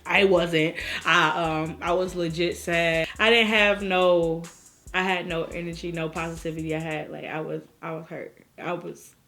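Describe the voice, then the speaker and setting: Young woman doing a storytime vlog, low-ish voice that jumps all over, a little music in the back. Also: moderate pace. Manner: animated storyteller acting out people. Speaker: vlogger.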